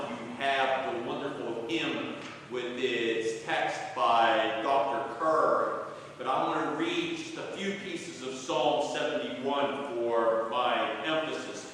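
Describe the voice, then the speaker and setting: Measured pastor in an echoing sanctuary. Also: male voice, medium pitch, fairly bright tone, slight background noise. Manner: measured, reading scripture aloud with emphasis. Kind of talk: sermon. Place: large echoing church sanctuary. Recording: echoey church from far off.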